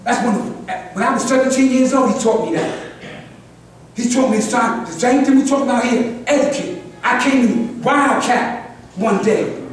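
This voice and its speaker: Older man, high-pitched, preachy group address, distant mic in a very echoey room. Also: unhurried. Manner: preachy, repeats "God" as address, restarts often. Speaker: speaker at a community gathering.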